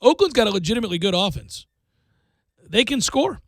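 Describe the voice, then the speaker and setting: A man hosting a sports radio show, giving betting picks in a joking, animated way. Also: high voice, fairly quick, no room sound. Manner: animated, jokey, breaks into mock singing.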